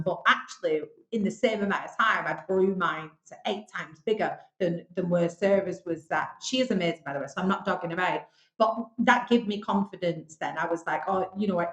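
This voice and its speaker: A woman from Bolton with a Northern English accent, a podcast guest telling stories frankly and chattily, with some swearing. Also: on the low side. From Bolton, England. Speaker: podcast guest, business owner. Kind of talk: casual interview storytelling. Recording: roomy echo.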